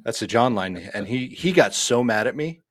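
A man's voice: mid-range voice, expressive, normal speed. A man co-hosting a casual podcast, trading dry jokes. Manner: dry, joking banter. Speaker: podcast co-host. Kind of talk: casual chat.

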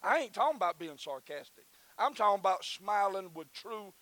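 A man's voice: high voice, sing-song, a little fast, a bit bright, no echo, poor audio. A man with a Southern US accent preaching a sermon in a folksy, repetitive way that builds to fervent calls. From Southern United States. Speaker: pastor.

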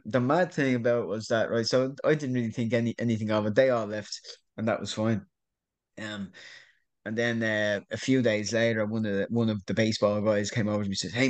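A middle-aged Irish man telling a rambling story in a casual interview, repeating words and laughing often. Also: mid-range voice. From Ireland. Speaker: guest.

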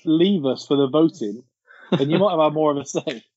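A man's voice: a little high, brisk, a little mellow, breathy edge, no echo, muffled recording. A man hosting a casual film podcast, steering through the categories and laughing often. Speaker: podcast host. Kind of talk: casual chat.

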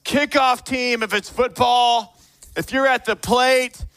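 A man preaching a sermon in a conversational way, moving between hushed reflection and fired-up encouragement. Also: extremely high pitch, steady tone, takes it slowly, clear, resonant tone. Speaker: pastor.

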